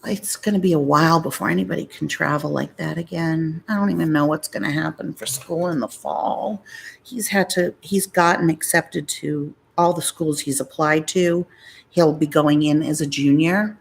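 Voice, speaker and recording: A middle-aged woman from Massachusetts, USA hosts a live-stream in a low, creaky voice with fairly even intonation and a moderate pace. She chats casually, rambles through stories and reads out viewer comments.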